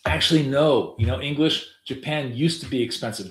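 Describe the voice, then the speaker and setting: A middle-aged man at his desk, talking through his trades on a live stream. His voice sits at an ordinary pitch, and it rings in a roomy, echoey space. He rambles loosely, drops in casual swears, and trails off into fillers. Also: brisk.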